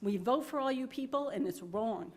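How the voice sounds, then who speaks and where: A woman's voice: fairly high pitch, expressive, normal speed, darkish tone. A woman resident from New York, making an emotional public comment at a town board meeting, apologetic but insistent, at a podium microphone.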